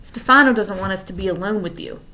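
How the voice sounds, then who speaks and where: A woman's voice: mid-range voice, lively intonation, fast talker, pushed and bright, slight background noise. A woman reading aloud, voicing a determined teenage girl who speaks firmly.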